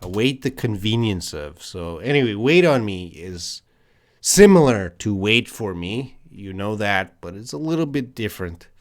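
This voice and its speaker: A Canadian-accented man teaching English on a live stream, reading viewers' questions and answering off the cuff. His voice sits fairly low, and he talks in loose, conversational bursts, with fillers and restarts as he works through each answer. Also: sing-song, a little slow. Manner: thinking aloud, many fillers and restarts, conversational.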